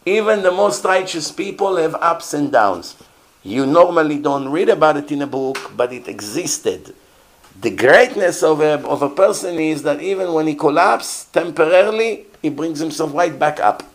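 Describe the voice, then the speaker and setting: A man's voice: a little high, animated, normal speed. A man teaching as a rabbi in an earnest, emphatic sermon, often repeating rhetorical questions.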